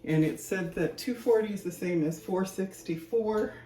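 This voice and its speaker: A woman's voice: mid-range voice, moderate pace, dark tone, echoey room, slight background noise. A woman casually chatting while she cooks at home, rambling and thinking aloud, a little out of breath. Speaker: home cooking vlogger. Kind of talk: casual kitchen chat. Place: home kitchen.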